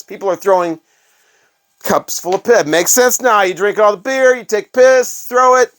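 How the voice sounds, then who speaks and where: Middle-aged male host, casual storyteller, profane and meandering, slightly high voice. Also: moderate pace. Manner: rambling, profane, animated anecdotes with restarts. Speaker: vinyl collector channel host.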